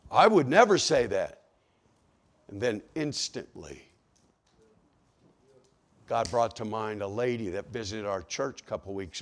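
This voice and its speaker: A man preaching a sermon, telling a story with acted-out dialogue and swinging from hushed to loud. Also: mid-range voice. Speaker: pastor.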